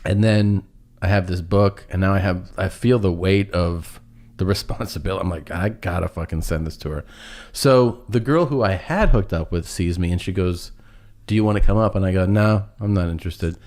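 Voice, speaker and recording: A middle-aged man telling a long, funny personal story on a podcast. He laughs through it and pauses often. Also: deep voice, darkish tone. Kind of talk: casual storytelling chat.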